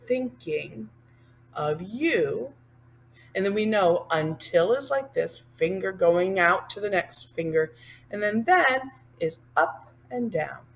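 A woman with an expressive, mid-range voice gives a patient, step-by-step sign language lesson. She talks through each hand movement slowly, one sign at a time, and then sings the line.

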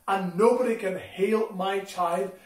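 Bible-story father, desperate and pleading, voiced by a male storyteller; high, far off in a big room. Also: a little slow. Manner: pleading, urgent. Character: desperate father begging for his dying daughter. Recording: echoey hall from far off.

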